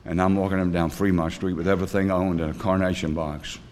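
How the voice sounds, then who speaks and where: An older man sharing his recovery story before a group, his voice sitting on the low side. He rambles earnestly and confesses plainly, with folksy grammar and a lot of "uh" between thoughts. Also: level tone, a little mellow, slight background noise. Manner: rambling, plain-spoken storytelling with frequent pauses. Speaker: speaker at a recovery meeting. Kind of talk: personal testimony talk.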